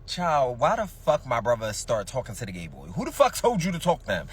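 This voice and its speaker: A man's voice: on the high side, lively intonation, fast talker, few pauses, fairly bright tone, recorded from a distance. A man telling a dramatic first-person story in casual, slangy, profane speech, talking straight to his listeners.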